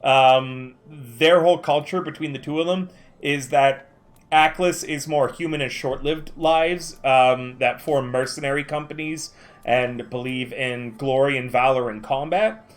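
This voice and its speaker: A man acting as game master, explaining the game world in a relaxed way with many ums. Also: mid-range voice, measured pace. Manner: relaxed, lots of ums and uhs.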